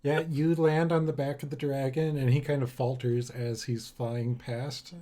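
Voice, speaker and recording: A man's voice: mid-range voice, level tone, unhurried, warm tone. Hesitant man running a tabletop game. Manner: hesitant, with frequent ums. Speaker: game master.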